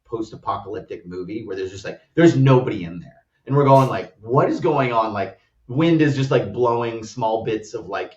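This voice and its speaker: American male guest, animated rambling anecdote, mic set back, dull lo-fi sound. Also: lowish voice, moderate pace. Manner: animated, rambling storyteller with many "like" fillers. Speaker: startup co-founder guest. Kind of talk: casual travel storytelling. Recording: roomy, distant, dull-sounding audio.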